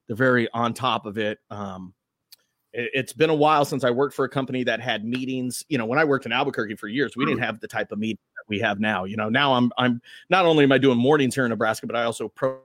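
A fast-talking man with a medium-pitched voice, recorded in clean studio sound with no room tone. He's a morning radio host guesting on a laid-back podcast, rambling cheerfully through animated stories.

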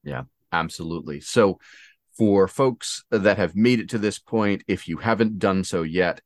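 A man with a very deep voice hosts a relaxed conversation. The sound is dry and close, with no room around it. He speaks in an easy, affirming way. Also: dry recording. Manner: relaxed, affirming, plugs a crowdfunding campaign. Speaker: podcast host. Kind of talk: casual interview chat.

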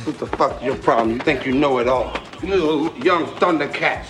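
A man's voice: mid-range voice, moderate pace, noisy background, natural voice. An actor playing an overprotective father who grills and threatens his daughter's date, profane and menacing.

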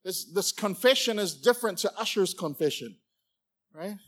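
A man preaching a sermon, animated and playful, acting out little characters as he goes. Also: high-pitched, normal speed. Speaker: pastor.

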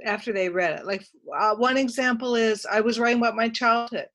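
A woman who teaches writing talks through her memoir as a guest. Her voice is bright and somewhat high, and she often stops and restarts her phrases as she thinks. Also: steady tone, a little fast. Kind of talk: casual interview chat.

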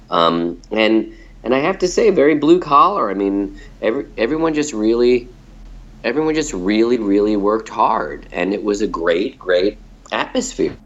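A fairly low-voiced man from the United States chatting in an interview. His talk is lively and loose, full of restarts and quick laughs. The sound is a dull, lo-fi remote recording. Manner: animated, laughing, repeats words when starting sentences. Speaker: actor being interviewed. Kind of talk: casual interview chat.

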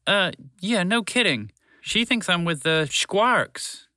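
A man's voice: high-pitched, animated, slow, pushed and bright, smooth, no room sound, studio quality, voice pushed up, exaggerated voice. A man voicing a nervous, fretful female spaceship in a storybook. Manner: jittery, fretful.

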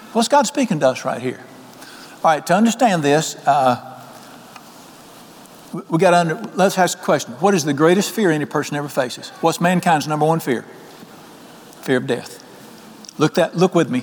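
A man, preaching an evening sermon in a folksy, animated way and asking the congregation questions. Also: a little high, moderate pace, long pauses, a little hiss or hum. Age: 60s. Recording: long hall reverb.

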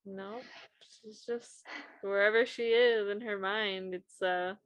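A woman's voice: mid-range voice, steady tone, takes it slowly, no room sound, muffled recording. A young woman co-hosting a podcast in casual chat, reacting and often trailing off mid-sentence. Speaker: podcast co-host.

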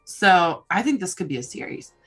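A young woman with a slightly low voice tells stories on a casual chat podcast. She rambles and gets excited as she goes, and she swears casually. Faint music plays underneath. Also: normal speed, husky. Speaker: podcast host.

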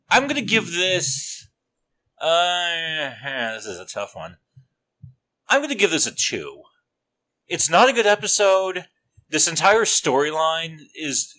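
A man's voice: on the high side, pushed and bright. A man co-hosting a podcast, joking dryly while rating an episode. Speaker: podcast co-host. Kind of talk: casual chat reviewing a sitcom episode.

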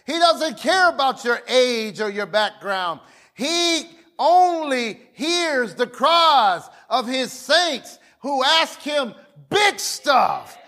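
High-voiced preacher shouting his sermon. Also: big pitch swings, slow pace. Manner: fiery, calls for audience response, often shouts. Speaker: pastor.

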